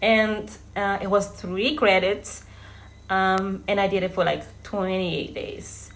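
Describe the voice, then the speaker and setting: A woman's voice: mid-range voice, steady tone, takes it slowly. A woman in her thirties from Verde, a vlogger telling personal stories in a chatty way and often calling her viewers "guys". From Cape Verde. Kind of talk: casual storytelling vlog.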